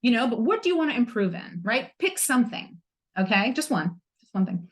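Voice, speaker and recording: A woman's voice: on the high side, very animated, brisk. A woman hosting a self-help podcast, talking candidly and with humor, using playful slang. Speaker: podcast host.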